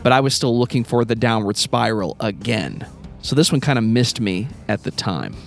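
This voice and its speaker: A man on a casual music podcast, speaking in a reflective, measured way. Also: lowish voice, expressive, vocal fry.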